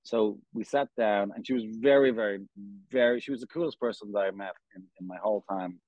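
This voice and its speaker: Irish man, lowish voice, rambling storyteller, dead-dry dull lo-fi recording. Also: darkish tone, no echo. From Ireland. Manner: rambling, halting, many restarts and fillers. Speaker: company founder, guest. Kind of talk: casual storytelling interview.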